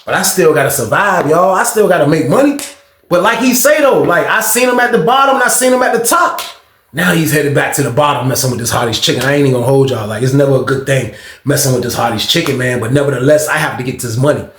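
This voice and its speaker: A man's voice: fairly high pitch, lively intonation, fast talker, fairly bright tone, a little hiss or hum. A man telling a story in a casual, slangy, rambling way, speaking straight to his listeners. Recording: echoey room.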